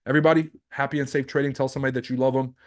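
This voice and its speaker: A man from Lebanon coaching viewers on a livestream. He talks bluntly and animatedly, swears freely and keeps firing rhetorical questions at the audience. His voice sits at an ordinary middle pitch. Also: little pitch movement, rapid-fire. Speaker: trading coach and livestream host.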